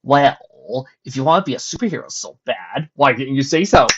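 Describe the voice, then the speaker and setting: A chaotic, mismatched male creature, jovial and theatrical, rolling out his lines with showman's flair, as a reader puts him on. The voice sits high and loud above the narration. The sound is dull and lo-fi. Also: lively intonation, moderate pace, noisy background, natural voice. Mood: teasing. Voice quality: theatrical, grandiose. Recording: dull lo-fi recording.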